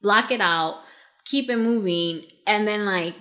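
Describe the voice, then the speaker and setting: A young woman in casual conversation, rambling through her thoughts with constant fillers. She jumps into little acted-out quotes of other people. Her voice sits at an ordinary middle pitch. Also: unhurried. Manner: rambling, filler-heavy, animated quoting of others. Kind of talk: casual chat.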